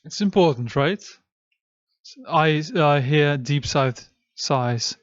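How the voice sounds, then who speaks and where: A man with a fairly high voice lectures at a very slow pace, drawing out chanted syllables and pausing to cue each breath in and out. The recording is dry and dull, with a muffled top end. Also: dry recording. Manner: repeats syllables slowly, cues breathing in and out. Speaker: esoteric teacher.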